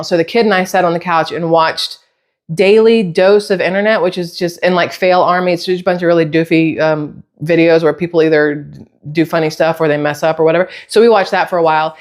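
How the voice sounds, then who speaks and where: A middle-aged woman vlogging casually from her home kitchen, rambling off on tangents and swearing lightly. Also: lowish voice. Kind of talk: casual chatty vlog.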